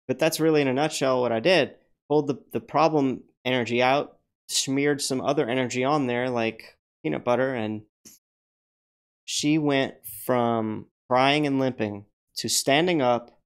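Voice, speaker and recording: Rambling man telling stories on a livestream. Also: medium pitch. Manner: rambling, with frequent restarts and mild swearing; animated, acts out the voices of people in his stories. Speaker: livestream host. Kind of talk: casual livestream storytelling.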